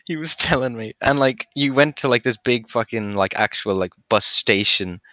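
Bright-voiced teenage boy, dry sound. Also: mid-range voice, moderate pace, no room sound. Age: teens. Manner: laughing, swears casually, filler-heavy. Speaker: podcast co-host. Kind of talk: casual chat.

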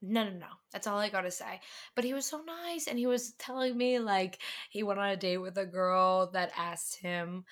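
A woman's voice: medium pitch, moderate pace. A young woman from the northern US co-hosting a podcast in casual chat, chatty and self-deprecating, laughing often. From northern United States. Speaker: podcast co-host.

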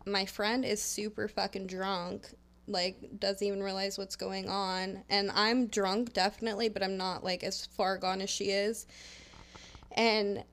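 A woman's voice: mid-range voice, fairly bright tone. A young adult woman co-hosting a podcast, telling a rambling story in casual chat, with lots of fillers and swearing. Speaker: podcast co-host.

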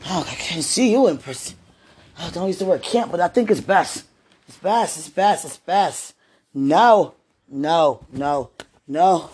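A former minister in an emotional live chat, overwhelmed and distressed, murmuring prayers to calm down. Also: medium pitch, unhurried. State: distressed, tense. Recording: noisy recording with clicks.

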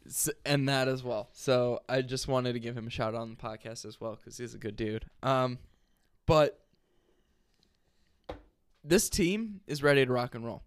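Upbeat man with a smooth voice. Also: mid-range voice, normal speed, no echo. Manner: upbeat, reasoning, plays devil's advocate. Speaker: podcast co-host. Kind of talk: casual sports podcast banter.

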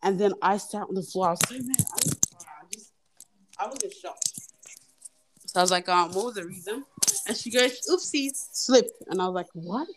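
Young woman telling an animated story. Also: on the low side, a little fast, pauses often, background noise. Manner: animated, acts out quoted voices. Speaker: podcast guest. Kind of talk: casual storytelling chat. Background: children in the background.

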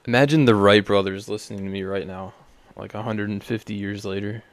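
A man's voice: fairly low pitch, fairly even intonation, fairly quick, no room sound. A young man hosting a podcast, talking in a rambling, profane, sardonic way. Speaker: podcast host. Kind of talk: casual solo podcast rant.

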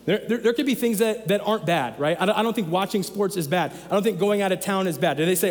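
A man's voice: high-pitched, quick pace, hardly any pauses, long reverb tail. A man in his thirties preaching a sermon as pastor, conversational and emphatic, repeating his key phrases. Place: church sanctuary.

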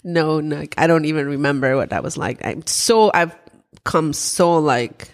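Low-voiced woman, chatty and rambling. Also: a little slow. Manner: chatty, trails off and restarts mid-thought. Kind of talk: casual chat.

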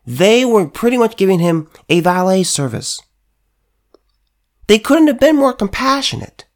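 In a high-pitched, sing-song voice and at a slightly slow pace, a male political commentator gives an emphatic, heated monologue. He repeats himself often and keeps breaking off to restart his phrases.

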